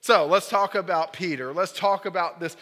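A man's voice: high-pitched, normal speed, sharp tone. A young man, a youth pastor, telling a personal story in a casual, joking sermon, full of "like" and "right?". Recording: large hall with long reverb.

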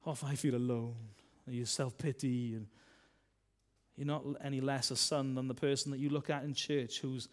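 This preacher's mid-range voice has a flat delivery at a normal speed, though his sermon is chatty and swings from loud to soft. He peppers what he says with tag questions.

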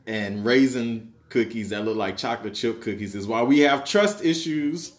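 A young man hosting a podcast, chatting in a relaxed, joking way full of slang. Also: mid-range voice, normal speed. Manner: laid-back, joking, slangy. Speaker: podcast host. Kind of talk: casual chat.

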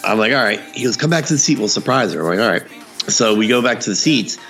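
Low gravelly guy co-hosting a chat, animated storyteller, some faint music under it. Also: fast. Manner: animated storyteller, acts out quotes. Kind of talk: casual chat.

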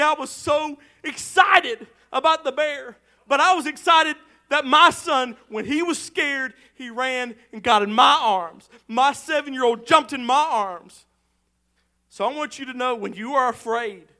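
A male pastor, preaching an impassioned sermon that swells into shouted exhortation. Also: extremely high pitch.

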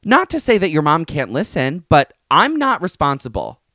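Animated young man ranting on a podcast. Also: on the high side, normal speed, dry recording, studio quality. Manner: animated, exasperated ranting with sarcastic asides. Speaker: podcast host. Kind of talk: casual solo podcast rant. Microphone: close podcast mic.

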